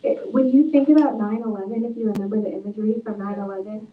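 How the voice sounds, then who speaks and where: A woman's voice: mid-range voice, steady tone, quick pace, a little hiss or hum. A woman author speaking at a book talk, telling stories earnestly and reflectively. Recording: tinny, echoey, far from mic.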